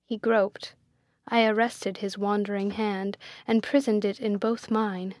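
A woman narrating a classic novel in the first person, measured and gently expressive. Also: mid-range voice, no echo, studio quality. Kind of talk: scripted audiobook narration.

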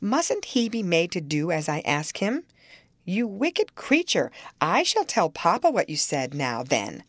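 A woman voicing a spoiled, haughty young girl who is imperious and quick to tears, in a storybook reading. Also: lowish voice, big pitch swings, dry recording, studio quality. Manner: demanding, indignant, quick to tears.

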